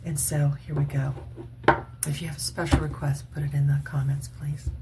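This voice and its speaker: Chatty woman in her sixties, low voice. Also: flat delivery, moderate pace, very noisy. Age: 60s. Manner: chatty, earnest, laughs often. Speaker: vlogger. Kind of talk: casual makeup chat and testimony.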